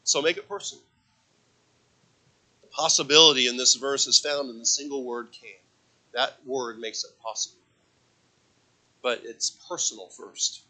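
A man preaching a sermon as pastor, repeating phrases for emphasis and swinging between loud emphatic peaks and hushed low passages. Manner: repeats phrases for emphasis, asks the congregation for amens.

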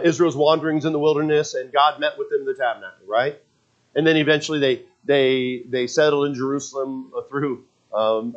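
A man's voice: on the high side, muffled recording. A man preaching a sermon, emphatic and repetitive, often restarting his sentences with fillers. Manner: emphatic, repeats himself, frequent restarts and fillers.

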